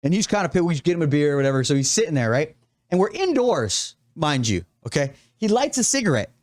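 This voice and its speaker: A man's voice: on the high side, big pitch swings, quick pace, darkish tone, no room sound, studio quality. A man telling a story in casual podcast chat. He swears a lot and acts out what other people said. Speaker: tattoo artist host telling a story.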